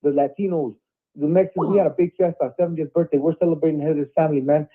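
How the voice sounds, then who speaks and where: A man's voice: a little high, steady tone, fast. A man calling into a show, telling a story casually and repeating himself as he goes. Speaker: caller. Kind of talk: casual phone call. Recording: phone line.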